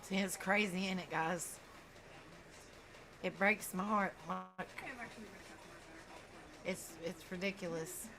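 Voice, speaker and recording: A woman's voice: on the low side, steady tone, takes it slowly, long pauses, crowd noise. A woman hosting true crime reaction commentary, talking straight to her viewers, outspoken, often stumbling over words.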